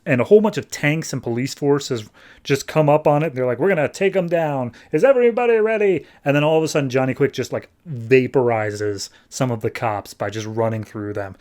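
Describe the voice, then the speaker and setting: A man's voice: mid-range voice, steady tone, brisk, darkish tone. A man hosting a podcast, recapping a comic issue in a casual, chatty, wry way. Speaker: podcast host.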